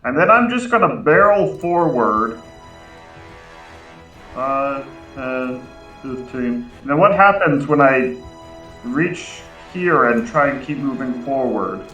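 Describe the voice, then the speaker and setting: A man playing a tabletop game, deliberately counting out his moves. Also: medium pitch, animated, pushed and bright, echoey room, dull audio, faint music behind. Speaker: player. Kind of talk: casual tabletop play.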